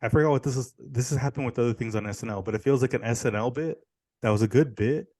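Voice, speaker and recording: A man with a mid-range, slightly mellow voice co-hosts a podcast, talking fast in a casual chat. He's blunt and opinionated and swears now and then, and the recording has no room sound.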